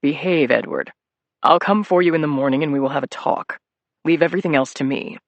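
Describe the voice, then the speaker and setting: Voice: mid-range voice, a little fast, no echo, muffled recording, natural voice. A narrator voicing a stern male hospital doctor who gives firm, clipped commands.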